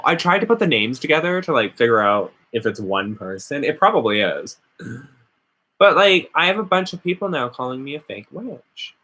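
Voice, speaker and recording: A man's voice: fairly high pitch, sharp tone. A man vlogging casually, rambling and sarcastic as he rants. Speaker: witchcraft vlogger. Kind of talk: casual ranting vlog.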